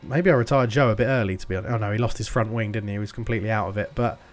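Male gaming host, excitable play-by-play, swears and shouts at the screen. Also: lowish voice, racing. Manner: excitable, swears and yells at the game. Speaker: gaming YouTuber. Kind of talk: game commentary.

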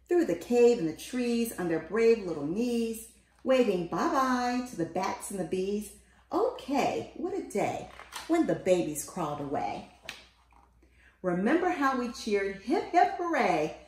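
A woman reading a children's picture book aloud in an expressive, sing-song way, calling out the quoted lines. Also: medium pitch, normal speed. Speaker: storybook reader. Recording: roomy, echoey room.

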